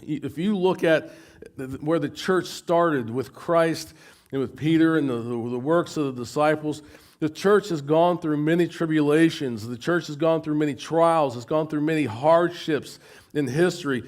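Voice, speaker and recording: A man's voice: on the high side, normal speed. A middle-aged American man preaching a sermon, often stumbling and repeating words as he goes. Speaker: pastor.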